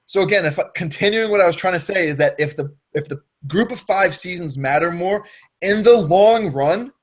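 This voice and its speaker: A man's voice: sits high, lively intonation, normal speed. A man co-hosting a casual sports debate podcast, insistent and explaining his argument at length. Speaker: podcast co-host.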